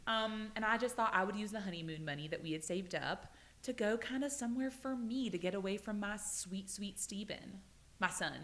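A woman's voice: mid-range voice, normal speed, fairly bright tone, lightly acted. A woman improvising a brash, self-assured young widow who talks bluntly and rambles. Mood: bold. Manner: blunt and rambling, breaking into teary wobbles. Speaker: improv performer playing a client. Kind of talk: improvised comedy scene.

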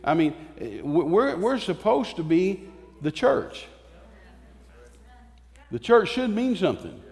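A high-voiced man with a darkish tone and big pitch swings preaches to his congregation with fervor, emphasizing points through pauses and repetitions. The recording carries the long reverb of a church hall.

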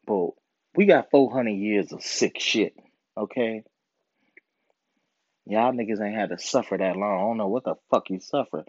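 A man's voice: lowish voice, moderate pace, long pauses, a little mellow, husky, dry recording. A young man ranting casually and with lots of profanity, often mocking people in put-on voices. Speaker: podcast host. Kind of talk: casual monologue. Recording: dull lo-fi sound, dry.

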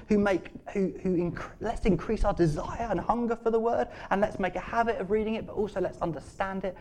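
A man preaching a sermon, moving between quiet, hushed scripture reading and rising, emphatic appeals. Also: a little high, a little hiss or hum.

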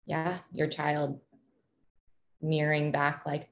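A woman's voice: low-pitched, steady tone, takes it slowly, long pauses, a little mellow, a little hiss or hum. A woman in her thirties, a parent, talking thoughtfully and casually, with frequent ums and restarts. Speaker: parent sharing her experience. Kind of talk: reflective casual conversation.

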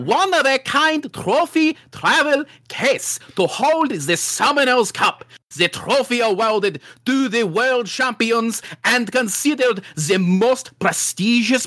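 A man's voice: very high voice, pushed and bright, dry recording, clean studio sound, pitched above the performer's own voice, exaggerated voice. A man reading out a press release in an exaggerated, put-on French accent, stumbling and laughing as he goes. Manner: halting, laughing through the reading.

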